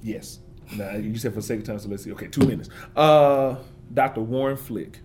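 A forester speaks as an interview guest, talking passionately and building his points through emphatic repetition. His mid-range voice is a little mellow and fairly quick, with a slight hiss or hum in the recording.

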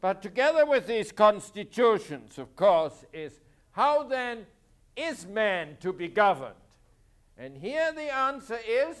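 High-voiced man giving an emphatic lecture. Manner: emphatic, rhetorical questions, repeats points. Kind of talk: university history lecture.

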